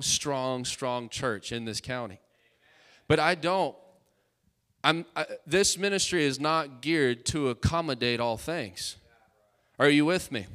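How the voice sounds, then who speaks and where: A man's voice: a little high, fairly bright tone. A male pastor preaching a fervent, emphatic sermon in church, calling out to his congregation.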